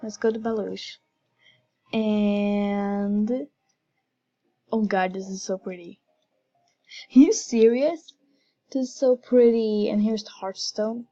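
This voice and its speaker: Slow-talking woman game commentator, giggly and gushing, dull recording. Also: medium pitch, steady tone, mellow. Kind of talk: casual gameplay commentary.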